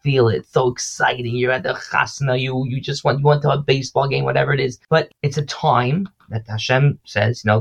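A man, a guest singer and teacher, talking earnestly and rambling in casual conversation. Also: mid-range voice. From United States. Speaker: guest singer-songwriter and rebbe.

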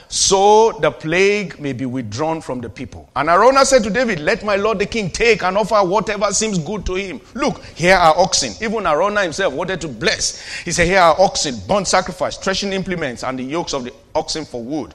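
A man preaching as a pastor, calling to the congregation and dropping from loud declarations to quiet asides. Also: high voice, lively intonation, a little fast, hardly any pauses. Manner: preachy call-and-response, swings from shouting to quiet asides. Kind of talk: sermon.

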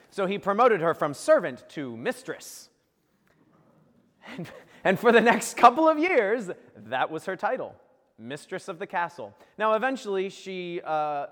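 A preacher with a high, fairly bright voice tells a saint's tale as a joking, playful homily, performing the characters himself. The sound carries the echo of a big room.

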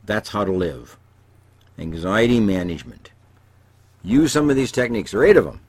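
A man speaking as a therapist, giving a calm, slow instructional talk and often checking in with "okay?", dropping to a hush on calming words. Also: fairly low pitch, husky. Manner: softens and drops to a hushed voice on calming words.

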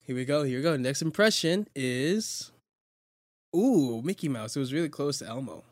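A woman's voice: rumbling low, animated, normal speed, darkish tone, no echo. A young woman hosting a casual chat, playful and teasing, laughing often. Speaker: host.

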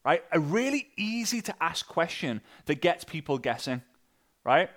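A man coaching an online audience on sales messaging, energetic and animated, acting out sample messages. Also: a little slow. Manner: energetic, with big jumps in pitch and loudness; acts out sample messages in different voices. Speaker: sales and network marketing coach.

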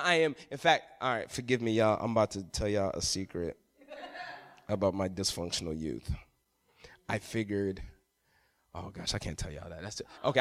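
A man preaching as a pastor, swinging between loud emphatic passages and hushed, quiet ones. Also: mid-range voice. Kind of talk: sermon.

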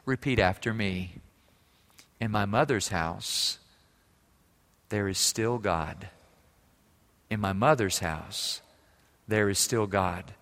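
A man playing a loving, godly older mother who speaks gently and slowly. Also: lowish voice, long reverb tail. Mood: gentle. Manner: gentle, slow, soft.

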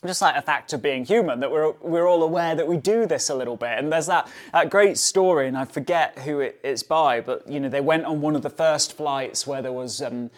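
A man hosts his own dog-training podcast alone, speaking in a slightly higher register than most men. He talks casually and chattily, tossing in fillers and tag questions like "right?" to keep listeners with him. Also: a little fast, few pauses. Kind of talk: casual solo podcast talk.

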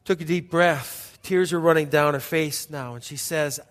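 A middle-aged male pastor preaching a sermon as a story, emphatic and repetitive, dropping to hushed passages between bursts. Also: fairly high pitch, moderate pace. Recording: long hall reverb.

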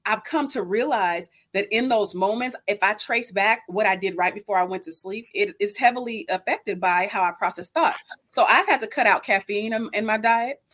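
A middle-aged woman, appearing as a guest speaker, talks about faith in casual conversation with a mid-range voice at a moderate pace. Animated and preachy, she acts out her own thoughts and calls listeners "girl" and "sis."

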